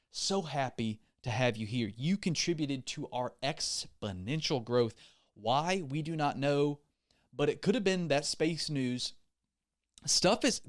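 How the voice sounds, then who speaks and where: A man talking through a comedic podcast monologue at a middling pitch. He wanders off on tangents, corrects himself mid-sentence and pokes fun at his own mistakes, with a goofy, offhand delivery. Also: no room sound, studio quality. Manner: goofy, self-deprecating, digressive, with lots of restarts. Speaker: podcast host.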